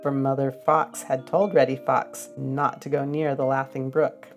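An older woman reading a children's storybook aloud, gentle and expressive with a sing-song lilt. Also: very deep voice, unhurried, faint music behind.

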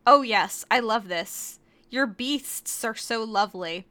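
A woman's voice: fairly high pitch, slow, bright, forceful tone. A woman voicing a crude, domineering male demon lord in a mock-serious reading of fan fiction. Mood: smug. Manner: crude, smug.

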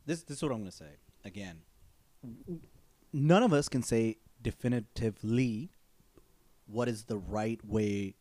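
A man in casual podcast chat, skeptically musing on ideas in a relaxed way. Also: on the low side, unhurried, no room sound. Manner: skeptical, musing, lively intonation.

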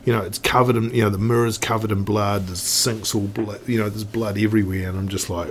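A man, talking in a loose, rambling way, circling back and restarting his sentences. His voice sits a little low. A faint hum of background noise runs under the recording. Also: fairly even intonation, a little fast. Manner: rambling, many restarts and swearing. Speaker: guest. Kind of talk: casual storytelling chat.

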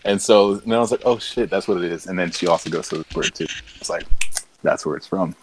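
Deep-voiced young man telling stories. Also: normal speed, long pauses, noisy background. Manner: rambling storytelling with fillers. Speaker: podcast co-host. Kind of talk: casual chat.

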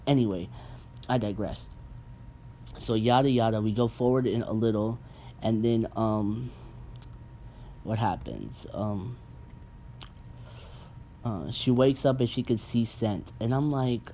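A young man hosting a casual podcast, ranting bluntly and profanely with animated asides. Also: on the low side, measured pace, pauses often, a little hiss or hum. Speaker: podcast host. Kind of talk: casual rant.

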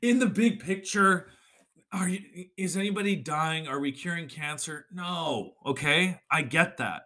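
A young man hosting a solo podcast, ranting with swearing and sudden shouted bursts. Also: fairly high pitch, measured pace. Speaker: podcast host.

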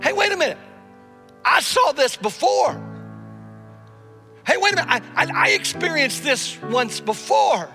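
A man acting out an excited fisherman disciple who stammers and shouts with sudden realization, with long reverb in a large hall and faint music. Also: very high voice, a little slow, long pauses, pitched above the performer's own voice, heavily acted.

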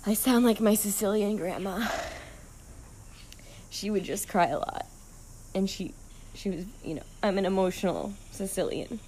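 A woman's voice: medium pitch, measured pace, long pauses, a little mellow, slight background noise. A middle-aged woman hosting her own podcast, talking in an emotional, rambling way with many restarts and fillers. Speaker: podcast host. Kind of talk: casual personal podcast monologue.

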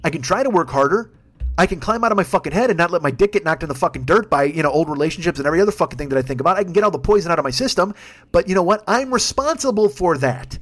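A man's voice: on the high side, animated, racing, fairly bright tone. A man in his fifties hosting a podcast, ranting alone with heavy swearing. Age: 50s. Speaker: podcast host. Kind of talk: solo ranting monologue.

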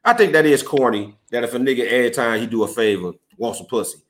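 A man hosting a casual, profane chat, animated and laughing often, repeating his phrases as he riffs. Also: medium pitch, fast. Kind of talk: casual podcast banter.

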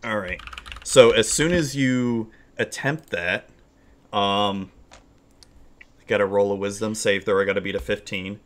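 Low-voiced man running a tabletop game. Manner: halting, searching descriptions with many fillers. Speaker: game master.

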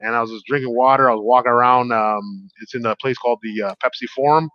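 A man's voice: medium pitch, steady tone, fast, no room sound, lo-fi sound. A man, a stand-up comedian guest, telling stories in a casual interview, rambling with fillers and restarts.

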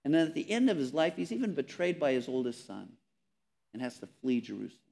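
A man preaching a sermon, earnest and emphatic, repeating words and dropping softly on key phrases. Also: medium pitch, sing-song, fast, vocal fry. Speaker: pastor.

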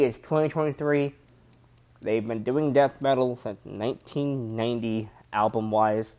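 A man's voice: mid-range voice, darkish tone. A young man reviewing a metal album in a casual vlog, rambling and repeating himself with loose slang. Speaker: music reviewer.

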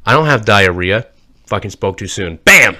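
A man co-hosting a podcast, talking in a bright, pushy tone. He tells profane stories and mimics the people in them. The chat is loose and casual. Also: on the low side, expressive, moderate pace. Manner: profane, storytelling, mimics others in quotes. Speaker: podcast co-host.

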